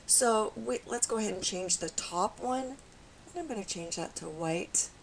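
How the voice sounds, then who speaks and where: A woman with a raspy voice today, calmly walking viewers through a step-by-step software tutorial. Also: medium pitch, normal speed, a little hiss or hum, poor audio. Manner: calm, explanatory, with frequent fillers.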